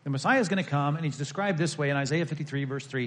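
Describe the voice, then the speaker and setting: A male pastor preaching a sermon, talking conversationally with the congregation and moving between emphatic peaks and hushed lines. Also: on the high side, rapid-fire, hardly any pauses.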